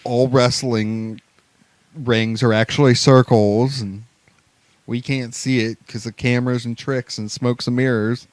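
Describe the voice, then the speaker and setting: A man's voice: mid-range voice, flat delivery, unhurried, dry recording. Dry-voiced male podcast co-host. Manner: dry, teasing banter. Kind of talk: casual chat.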